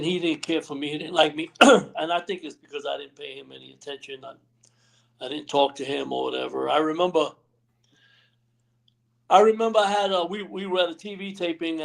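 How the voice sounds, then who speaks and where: Guy with a gravelly, slightly high voice telling old wrestling stories, rambles, keeps saying you know what i mean. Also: brisk. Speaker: retired pro wrestler, guest. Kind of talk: storytelling interview. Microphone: remote live stream call.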